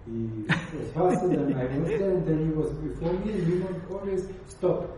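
A man, a yeshiva student, speaks in halting, broken phrases with a very dark, mellow voice. He sits well away from the microphone. A heavy room echo surrounds every word. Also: on the high side, slight background noise. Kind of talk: casual study discussion. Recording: very echoey, far from the mic.

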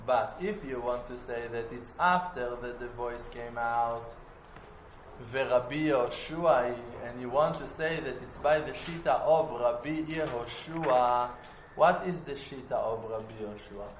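A man teaching a Talmud class in an animated way, at times slipping into a chanting study singsong. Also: mid-range voice, unhurried, a little hiss or hum. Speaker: Torah teacher. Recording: roomy echo, faint ambience.

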